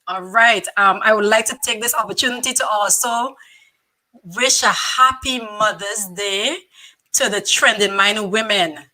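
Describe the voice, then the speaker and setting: Woman, co-host, live stream chat, upbeat shout-outs, fillers, bright tone. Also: mid-range voice, unhurried.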